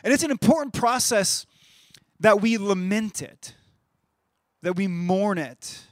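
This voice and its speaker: A man's voice: high-pitched, lively intonation, a little slow, no echo, studio quality. A man in his thirties giving a sermon in a conversational way, often repeating words as he starts a phrase. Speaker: pastor.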